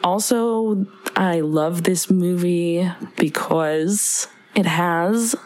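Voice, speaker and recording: A young woman co-hosting a casual movie podcast, animated and quick to slip into exaggerated quoted voices. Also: fairly low pitch, dry recording. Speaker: podcast co-host.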